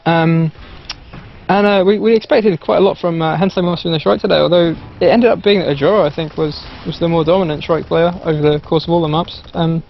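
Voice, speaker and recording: Quick, higher-voiced man on voice chat. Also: steady tone, vocal fry, muffled recording, slight background noise. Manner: quick, chatty, teasing questions. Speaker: esports caster interviewing a player. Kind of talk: casual post-game interview.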